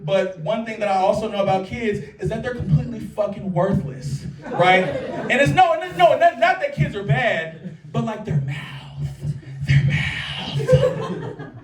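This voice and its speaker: A man from California doing a stand-up comedy set at a live show, telling stories in an animated, profane way. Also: high-pitched, moderate pace. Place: live show at a small local art venue. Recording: roomy, distant mic, audience laughter.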